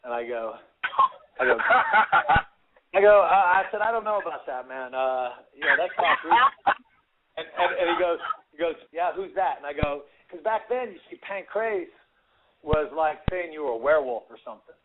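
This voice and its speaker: A man, a former fighter and radio guest, telling animated stories full of fillers and acted-out quotes. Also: a little high, moderate pace. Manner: animated storyteller, acts out quotes, many fillers. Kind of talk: casual storytelling on a radio show. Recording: tinny phone line with faint hiss.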